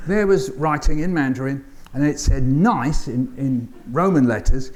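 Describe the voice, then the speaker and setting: A man's voice: mid-range voice, normal speed. Older London man telling stories. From England. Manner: animated storyteller, acting out voices and sounds, dry humour. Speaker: keynote speaker. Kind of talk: storytelling keynote speech. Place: conference hall.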